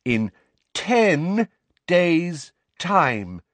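Brief: toad-like simpering inspector woman, read by a man, high pitched, loud, slow and patronizing. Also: very animated, dry recording, exaggerated voice. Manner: slow, loud, over-enunciated. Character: sugary, condescending middle-aged woman inspector, toad-like.

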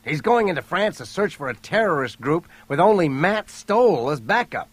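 A worried male general mutters tensely to himself, as a man reads him. The voice stays close to a plain reading voice, with the pitch lifted only slightly. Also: big pitch swings, moderate pace, no echo.

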